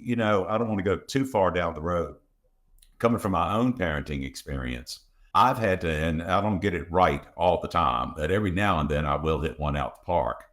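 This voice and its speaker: Very deep-voiced man telling parenting stories. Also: a bit bright. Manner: anecdotal, acts out his family's voices in quotes. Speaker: podcast co-host and father. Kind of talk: casual podcast conversation.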